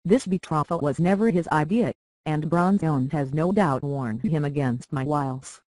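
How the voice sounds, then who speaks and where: A scheming middle-aged lord, as an audiobook reader puts him on, calm and persuasive, always measured. The read is dry and close-miked, pitched in an even middle range. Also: no echo, lightly acted, rough recording. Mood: calculating. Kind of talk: audiobook character reading.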